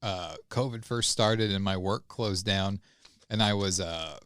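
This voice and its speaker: A man co-hosting a podcast in casual chat, halting and hesitant as he talks. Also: deep voice, a bit bright, smooth, dry recording. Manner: hesitant, many fillers and restarts, halting. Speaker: podcast co-host.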